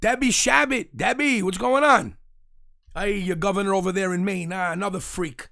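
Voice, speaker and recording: A brash host tells a story in a high, gravelly voice. He mocks and jeers as he goes, and his voice stays fast and animated. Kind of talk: casual live-stream rant.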